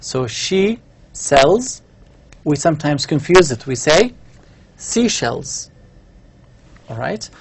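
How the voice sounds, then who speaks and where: A man's voice: fairly high pitch, big pitch swings, slow pace, slightly rough. A man giving a university lecture, explaining step by step while writing on a board and often checking in with the class. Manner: writes on a board while talking.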